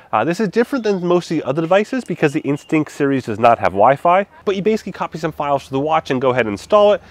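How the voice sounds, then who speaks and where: A man's voice: fairly high pitch, no echo. A man with a stuffed-up, congested voice, giving a casual walkthrough of a product as a tech reviewer. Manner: quick, animated explainer with casual fillers.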